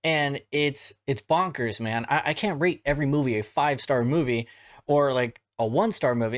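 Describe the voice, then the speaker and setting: A man's voice: on the high side, brisk. A young man from South Georgia with a light Southern accent, hosting a horror movie podcast in a chatty, loose, swearing monologue. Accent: light Southern American, mostly neutral. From South Georgia, USA. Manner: chatty, swears casually, frequent restarts and laughs. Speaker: podcast host.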